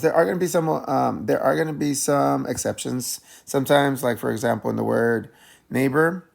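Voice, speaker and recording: A young man teaching a casual phonics lesson, sounding out letters slowly with many pauses and fillers. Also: medium pitch, gravelly, darkish tone. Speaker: reading teacher.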